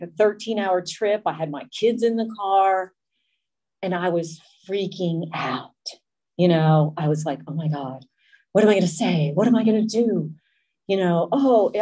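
A middle-aged woman giving a personal recovery testimony, speaking in an earnest, emotional, halting way. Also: on the low side, dark tone.

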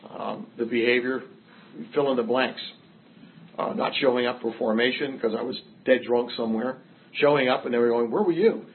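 Older man, recovery speaker, wry storyteller, middle-pitched, lo-fi phone-like audio. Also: little pitch movement, moderate pace. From Massachusetts. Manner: wry storytelling, self-mocking humor. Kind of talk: personal recovery story told to a group.

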